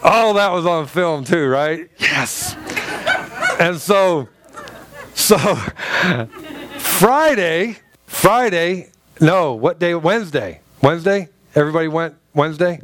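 A man's voice: on the high side, slow pace, long pauses, slight background noise. A man preaching to a congregation, telling a funny personal story with lots of restarts and acted-out groans. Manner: animated storyteller, acts out groans and quotes, many restarts. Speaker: pastor. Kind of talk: sermon with humorous personal story. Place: church sanctuary before a live congregation.

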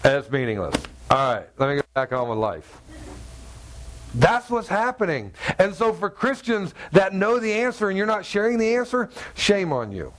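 High-voiced male pastor, joking sermon. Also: very animated, moderate pace, a bit bright. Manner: humorous, acts out dialogue in voices. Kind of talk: conversational sermon.

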